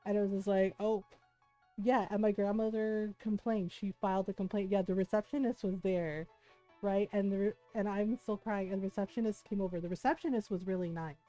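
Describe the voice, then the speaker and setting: A woman streamer with a medium-pitched voice tells a personal story at a fairly quick clip, with faint music behind her. Her casual chat is full of "right?" and "like," and she animatedly acts out the people she quotes.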